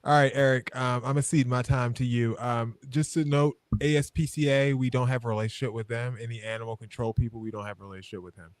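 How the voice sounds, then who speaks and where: A man's voice: medium pitch, fairly even intonation, fast talker, few pauses, dry recording. A man co-hosting a casual talk show, laid-back and laughing often. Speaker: podcast co-host. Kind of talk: casual banter.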